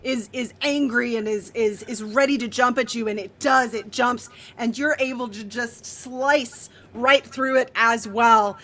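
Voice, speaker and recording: A woman's voice: fairly high pitch, steady tone, measured pace, few pauses, fairly bright tone, slight background noise. A woman running a tabletop game as game master, narrating the action vividly in a casual way with fillers.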